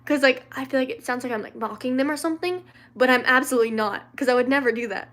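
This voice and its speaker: A chatty young woman from Louisiana, raised in the American South, hosts a livestream and answers viewer questions in casual chat. She rambles and giggles with many fillers and restarts, her high, slightly bright voice moving fast.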